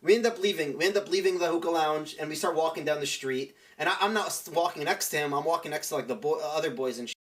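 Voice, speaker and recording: A man's voice: a little high, fast, hardly any pauses. A young man streamer telling a rambling story in casual chat, full of "like" and restarts.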